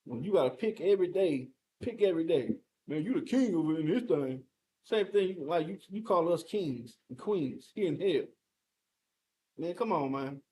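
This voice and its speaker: A man's voice: fairly high pitch, lively intonation, moderate pace, dark tone. A man teaching a fiery scripture breakdown, emphatic and confrontational, firing rhetorical questions and mild curses at his listeners.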